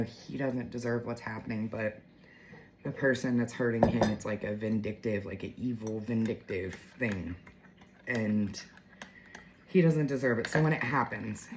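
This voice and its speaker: A woman's voice: a bass voice, a little hiss or hum, poor audio. A woman in her forties telling a heartfelt story to her viewers in a chatty, emotional way, full of fillers. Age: 40s. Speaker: vlogger.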